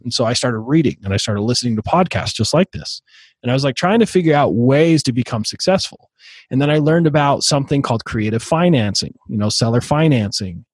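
Husky man telling his story. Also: medium pitch, expressive, no echo. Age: 30s. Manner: halting, many fillers and restarts. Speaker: podcast guest. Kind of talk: casual interview storytelling.

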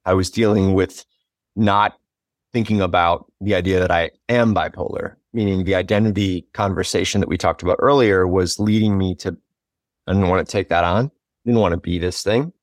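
A man's voice: low-pitched, fairly even intonation, moderate pace, no echo, studio quality. A man in his forties, a guest on a podcast interview, speaking in an earnest, thoughtful way and musing aloud. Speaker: guest, author.

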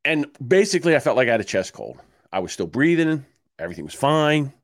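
A man in his sixties co-hosts a casual podcast chat and tells his stories with a lively, swooping pitch. He swears and plays out both sides of his phone calls. The sound is dry and close on a studio mic. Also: fast, dry recording. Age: 60s. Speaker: podcast co-host.

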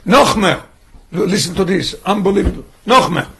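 A man's voice: high-pitched, expressive, moderate pace, fairly bright tone, slightly rough. A man teaching a Torah lesson as a rabbi, asking one rhetorical question after another. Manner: poses rhetorical questions, mixes in Yiddish and Hebrew terms.

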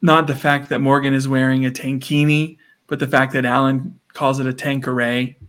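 A man's voice: medium pitch, little pitch movement, moderate pace, a bit bright. A man co-hosting a podcast, recapping a sitcom episode in casual chat and acting out characters' lines in playful voices. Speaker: podcast co-host.

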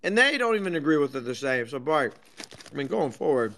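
A man's voice: a little high, big pitch swings, a little fast, a bit bright. A man co-hosting a crypto podcast, ranting sarcastically and swearing a lot in casual banter. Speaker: podcast co-host.

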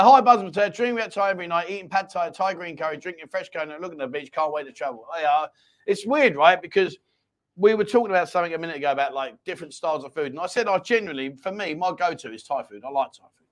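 Jokey high-voiced man hosting a live chat. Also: expressive, quick pace, fairly bright tone. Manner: jokey and rambling, reads viewer comments aloud. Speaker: host. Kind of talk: casual live-stream chat. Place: small home studio.

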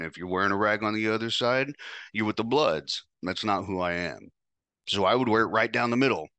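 A man's voice: lowish voice, sharp tone, no echo. A man hosting a podcast, telling a first-person story in a casual, profane, wry way. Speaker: podcast host.

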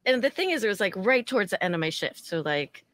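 A woman podcast host chatting casually, telling a story from her bartending shift and acting out the people in it. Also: fast talker. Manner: animated, acts out quoted people in higher voices.

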